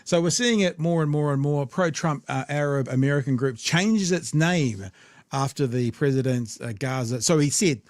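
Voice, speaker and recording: A man's voice: on the high side, normal speed, no room sound. A man with a New Zealand accent hosting a podcast, giving blunt, sweary, sardonic political commentary. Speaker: podcast host.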